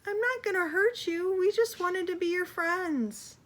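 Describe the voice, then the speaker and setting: A woman voicing a gentle, lonely swamp creature, pleading in a high voice in a storybook reading. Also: a little slow.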